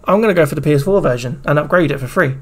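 A man streaming, reacting excitedly to a game trailer in casual, profanity-laced commentary. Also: a little high, very fast. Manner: excitable, swears freely, talks over the video.

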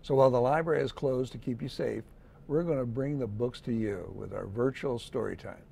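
A man, a city mayor, reading a children's picture book aloud in a gentle storytelling manner. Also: medium pitch, gravelly, breathy edge. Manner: gentle, slow storytelling with lively read-aloud voices.

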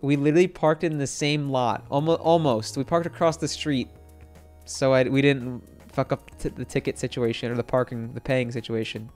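A young man telling a story to his stream chat, excitable and rambling, with lots of fillers and swearing. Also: medium pitch, moderate pace, faint music behind.

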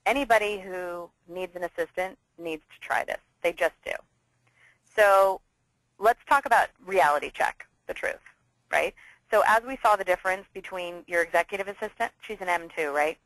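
Bubbly bright-voiced woman host. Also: lowish voice, dry recording, low-quality recording. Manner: bubbly, enthusiastic, talks in quick bursts. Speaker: interview host. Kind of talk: casual business interview.

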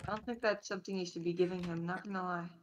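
A woman's voice: lowish voice, fairly even intonation, racing. A woman bantering during a game, silly and mock-accusing, repeating jokes. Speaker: gamer chatting with friends. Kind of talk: casual gaming banter.

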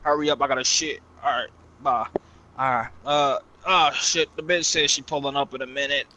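A young man in an improvised game skit, loud, profane and bossy. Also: mid-range voice, fairly even intonation, normal speed, slight background noise. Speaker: skit creator.

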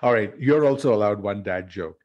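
A man's voice: lowish voice, brisk, highs cut off. A middle-aged man hosting a casual chat about words, playful and joking, explaining with examples. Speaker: podcast host.

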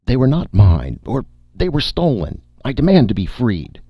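Man voicing a shrill frantic young liar. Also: very animated, moderate pace, no echo, faint music behind, exaggerated voice. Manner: shrill pleading and protesting. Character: frantic young male needlesmith, shrill and lying. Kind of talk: audiobook character voice. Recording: dull, dry audiobook recording.

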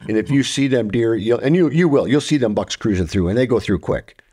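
Animated man telling hunting stories. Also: medium pitch, brisk, slightly rough. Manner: animated storyteller imitating deer sounds. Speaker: podcast co-host. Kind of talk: storytelling.

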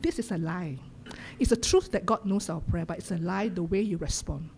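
A woman's voice: fairly low pitch, normal speed, slight background noise. Singaporean woman pastor preaching passionately. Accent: Singaporean English. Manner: impassioned, shifts between loud exhortation and hushed whispers. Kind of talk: sermon. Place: church sanctuary.

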